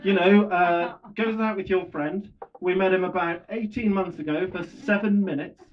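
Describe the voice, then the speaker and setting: A halting, shy comedian does a stand-up routine on a small bar stage, his high-sitting voice steady in tone as he hesitates, restarts, and mocks himself. The lo-fi club recording has audience laughter and a little hiss or hum.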